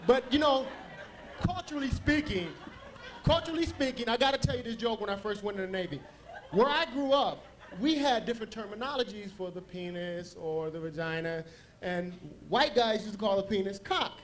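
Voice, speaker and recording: A man's voice: sits high, fairly quick. A man doing a stand-up comedy set on a club stage, telling loose, rambling stories with asides.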